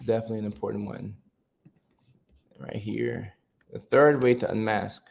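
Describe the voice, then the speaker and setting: A man hosting a casual livestream, chatting with viewers, reading their comments aloud and repeating himself in a relaxed way. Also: on the low side, normal speed, gravelly, a little hiss or hum. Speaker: livestream host.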